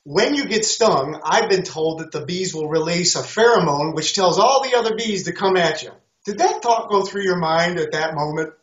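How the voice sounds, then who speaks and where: A man hosting an interview, asking relaxed questions in casual chat. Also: high voice, moderate pace, few pauses. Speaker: host. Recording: dull, roomy audio.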